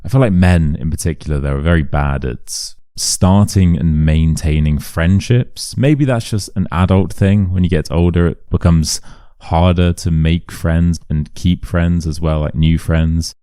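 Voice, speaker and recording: Young english guy, modern rp accent, low mellow voice, chatty storyteller out walking, dry close sound. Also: unhurried, clean tone, dry recording. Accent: modern RP British English. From England. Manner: chatty, animated storyteller who acts out voices. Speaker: English teacher. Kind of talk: casual walk-and-talk vlog storytelling. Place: outdoors, walking through city streets.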